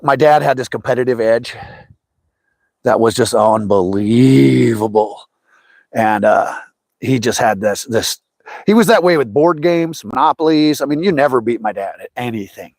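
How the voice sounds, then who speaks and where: A man's voice: medium pitch, moderate pace, vocal fry, dry recording. Middle-aged man rambling through stories. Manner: rambling and anecdotal, lively voices for quotes. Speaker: fishing livestream host. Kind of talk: casual storytelling chat.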